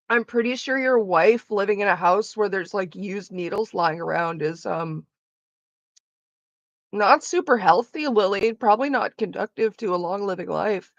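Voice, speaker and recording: A woman's voice: mid-range voice, measured pace, long pauses, dry recording, dull audio. A woman streaming from home, chatting casually while gaming, blunt and sarcastic with lots of swearing, coughing now and then from smoking. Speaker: live streamer.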